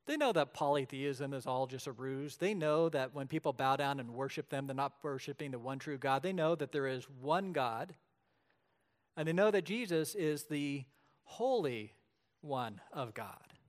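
A man preaching a sermon as pastor, telling the story vividly and swinging between loud and hushed delivery. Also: mid-range voice, lively intonation, moderate pace.

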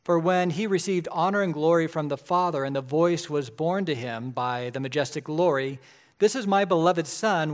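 A male pastor delivering a sermon in a fairly high voice. He talks to the congregation in a relaxed, conversational way and builds to emphatic moments. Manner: conversational preaching, rising to emphatic.

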